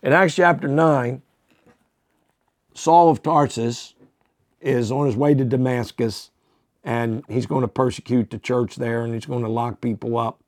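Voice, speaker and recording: A man's voice: mid-range voice, steady tone, measured pace, no room sound, clean studio sound. A man, a pastor teaching the Bible on a podcast, reading verses aloud and commenting with fillers and self-corrections.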